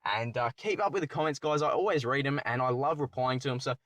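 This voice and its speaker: A young man, telling a personal story as a channel host in a rambling, excitable way, correcting himself often. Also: mid-range voice, quick pace, dry recording. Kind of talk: storytime commentary.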